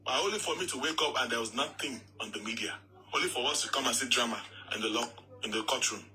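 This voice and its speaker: A man with a Nigerian accent giving animated casual commentary as a vlog co-host, often repeating "yeah.". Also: medium pitch, fast talker, faint music behind, rough recording.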